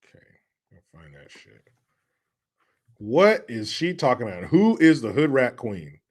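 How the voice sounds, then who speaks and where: A man's voice: medium pitch, big pitch swings, measured pace. A man hosting a casual livestream, loose and joking as he reads chat messages aloud. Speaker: livestream host.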